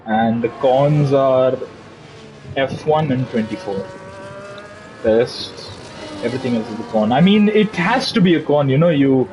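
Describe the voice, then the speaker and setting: A man's voice: mid-range voice, animated, a little slow, pauses often, dull audio. A man giving live sim racing commentary, chatty and playful, with asides to the viewers' comments. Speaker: race commentator. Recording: race car engine noise behind.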